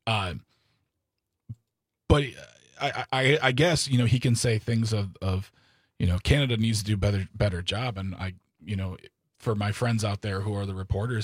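A man's voice: on the low side, normal speed, breathy edge, no room sound, clean studio sound. Exasperated male political talk co-host. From Wisconsin. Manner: exasperated, sarcastic, animated outbursts. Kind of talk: opinionated political chat.

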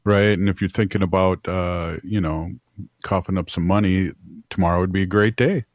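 Low-voiced easygoing man radio co-host. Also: steady tone, moderate pace, no echo, clean studio sound. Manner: easygoing, with many fillers. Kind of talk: casual radio chat.

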